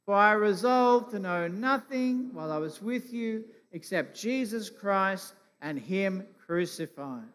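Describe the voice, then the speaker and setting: A man's voice: high-pitched, lively intonation, unhurried, few pauses. Man leading a kids' talk in a church. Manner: gentle questioning, plays along with puppet. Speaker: children's talk leader at church. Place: church hall. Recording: church hall reverb.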